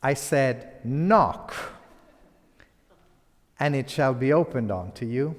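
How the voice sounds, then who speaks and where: A man playing a pompous, offended male preacher who repeats himself loudly and insistently. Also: medium pitch, expressive, slow, big-room sound. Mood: indignant.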